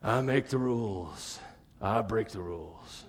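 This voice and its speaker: A preacher voicing a defiant, rule-hating male churchgoer in a put-on Southern US drawl, gruff and mocking. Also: on the low side, measured pace, voice pushed down, natural voice.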